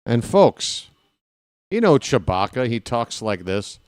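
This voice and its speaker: Slow, joking play-by-play man. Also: big pitch swings, a little mellow, smooth, no room sound, clean studio sound. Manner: jokey, rambling asides between pitches. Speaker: play-by-play announcer. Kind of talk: casual live baseball play-by-play.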